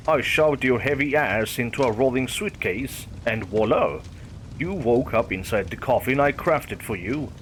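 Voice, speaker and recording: A man's voice: medium pitch, slight background noise, lightly acted. Guy doing a creepy cheerful grave digger, teasing and totally matter-of-fact, storytime horror.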